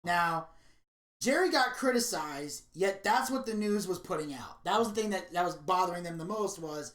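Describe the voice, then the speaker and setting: A woman's voice: on the low side, lively intonation, normal speed, a bit bright. Woman, podcast co-host, rambling and profane, roomy echo. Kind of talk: casual podcast chat.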